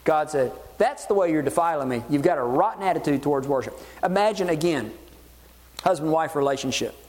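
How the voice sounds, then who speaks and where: A man preaching a sermon, animated and acting out voices in the dialogue he quotes. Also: a little high, a little fast, long reverb tail. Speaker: pastor.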